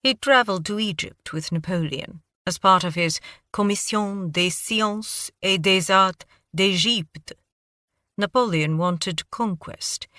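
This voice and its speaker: A man's voice: high voice, takes it slowly, sharp tone, no room sound, studio quality, heavily acted. Urbane British-accented male scholar done by a woman narrator, self-deprecating, storybook. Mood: learned. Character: refined British-raised male scholar, wry.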